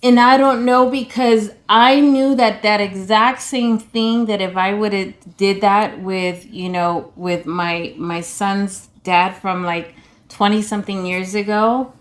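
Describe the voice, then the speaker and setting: A woman's voice: mid-range voice, fairly even intonation, takes it slowly. Rambling woman in casual talk. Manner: rambling, repeats herself with many restarts and fillers. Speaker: pastor's wife, co-host. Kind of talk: casual chat.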